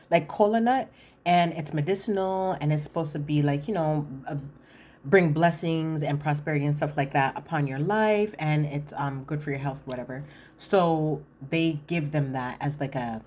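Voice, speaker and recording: A woman's voice: low voice, a little mellow, slight background noise. A woman giving a chatty, blunt, slangy recap of a reality show, with lots of fillers. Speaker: reality TV commentator. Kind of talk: casual recap commentary.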